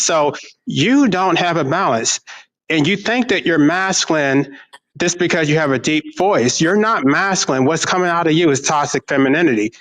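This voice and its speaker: A man's voice: on the high side, normal speed, a bit bright, rough recording. A man speaking as a panelist in a casual online panel discussion, candid and emphatic, swearing freely. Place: online video call.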